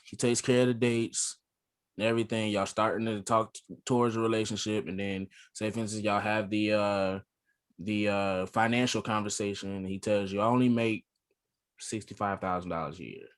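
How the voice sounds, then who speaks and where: A man co-hosting a podcast in casual chat, laughing easily and putting questions to the women. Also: lowish voice.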